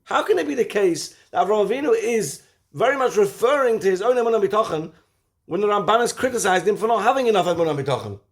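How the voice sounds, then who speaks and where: A man teaching a weekly Torah lesson, lively, asking rhetorical questions and swinging from loud to hushed. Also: high-pitched, fast.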